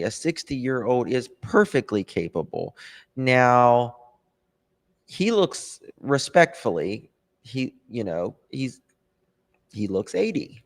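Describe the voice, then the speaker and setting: A man hosting a casual true crime livestream, thinking aloud and answering viewer comments with hesitant ums and pauses. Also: mid-range voice, very animated. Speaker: true crime channel host. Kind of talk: casual livestream chat about a case.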